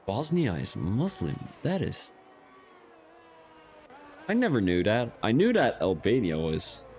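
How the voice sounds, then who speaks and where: Young male streamer, casual race commentator bantering with chat, lower voice, faint background noise. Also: wildly swooping pitch, slow, a little mellow. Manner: casual, joking, chats with viewers while commentating. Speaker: sim racing stream commentator.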